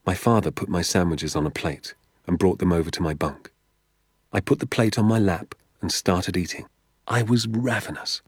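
A man reading a novel aloud in a measured, storytelling way. His voice sits low and has a husky edge. The recording is close and dry, with no room sound. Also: dry recording. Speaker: audiobook narrator. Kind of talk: scripted narration.

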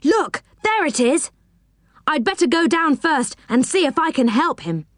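A woman's voice: sits high, lively intonation, unhurried, no echo, studio quality, voice pushed up. A woman doing a practical, take-charge boy. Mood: urgent.

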